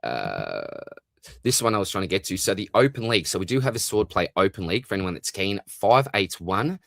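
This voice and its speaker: A man's voice: low-pitched, sing-song, a little fast, vocal fry, a bit bright, dry recording. An Australian man in his thirties hosting a casual live-stream chat from his home, greeting viewers by name with lots of matey slang. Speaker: fantasy football channel host. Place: home room with collectibles behind him.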